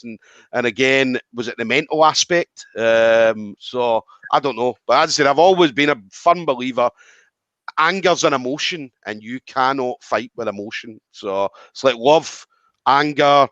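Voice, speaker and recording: Animated man telling a story. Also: medium pitch, no room sound. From Scotland. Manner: animated, acts out quoted lines, swears freely. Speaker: podcast host. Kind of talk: casual storytelling chat. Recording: dry, slightly dull audio.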